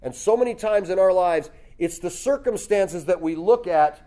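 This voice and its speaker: Man preaching, mellow voice, slightly high, lively storytelling, chuckles. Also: normal speed. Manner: lively storytelling, acts out voices with loud jumps; chuckles often. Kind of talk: sermon.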